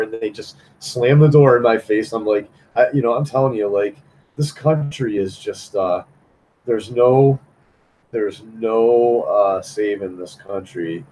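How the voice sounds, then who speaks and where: A man's voice: lowish voice, a little slow, dark tone, a little hiss or hum, rough recording. A man chatting loosely on a live stream while he draws, rambling and repeating himself in a frustrated way. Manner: rambling, repetitive, frustrated, keeps saying "man". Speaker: live-stream host drawing.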